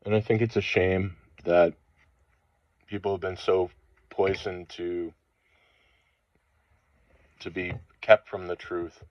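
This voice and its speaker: A man with a low, heavy voice rants through a rambling spiritual monologue, swearing angrily and stopping between phrases. The recording is dull and lo-fi, with no room sound. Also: little pitch movement, dry recording. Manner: angry, profane ranting with halting pauses. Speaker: channel host.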